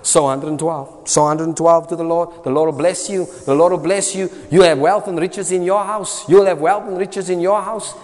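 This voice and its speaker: A man with a South African accent preaching a sermon, emphatic and repetitive, his voice swinging between loud and soft. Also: on the high side, steady tone, normal speed, few pauses. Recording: long reverb of a hall.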